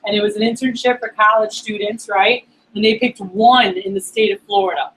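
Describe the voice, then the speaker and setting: A woman speaking at a staff meeting, telling a motivational story in a casual, animated, slangy way with lots of fillers. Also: mid-range voice, normal speed, poor audio. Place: meeting room.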